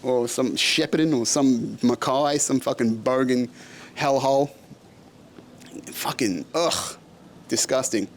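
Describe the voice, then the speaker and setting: A young Australian man talks straight to the camera in a loose, sweary rant that swings between boastful and disgusted. His delivery is animated and unfiltered, and his accent is plainly Australian. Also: mid-range voice, a little slow, slight background noise. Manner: animated, profane, ranting. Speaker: podcast host. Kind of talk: casual solo vlog rant.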